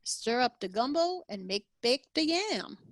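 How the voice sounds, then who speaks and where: A woman's voice: sits high, sing-song, unhurried, no room sound. A woman reading a rhyming Christmas poem aloud in a put-on Cajun accent over a video call. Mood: folksy, storytelling. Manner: sing-song rhyming recitation.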